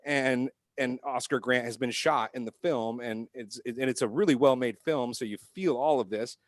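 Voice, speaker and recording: A man on a podcast telling profane, animated anecdotes in casual chat. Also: medium pitch, normal speed, no echo. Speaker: podcast co-host.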